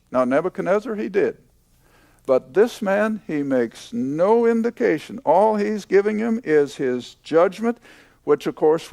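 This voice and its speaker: An older man teaching a Bible lesson to a class, slow and emphatic, repeating key points. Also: on the high side, gravelly, a little mellow, no room sound.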